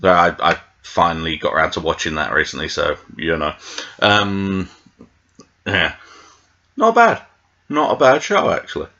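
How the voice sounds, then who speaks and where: Rambling British man, slow and muffled. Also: deep voice, big pitch swings, pushed and bright. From Britain. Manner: meandering, full of tangents and fillers. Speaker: TV show reviewer. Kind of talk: rambling casual review.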